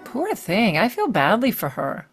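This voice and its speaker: A woman's voice: medium pitch, huge pitch swings, a little slow, soft background music. A woman in a scripted audio drama asking a curious stream of questions. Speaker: questioning companion.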